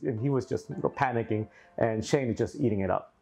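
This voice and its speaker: Male vlogger, mellow tone, animated storyteller, light music bed. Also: lowish voice, brisk. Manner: animated, acts out quotes, laughs often. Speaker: aquarium hobby YouTuber. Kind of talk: casual storytelling to camera.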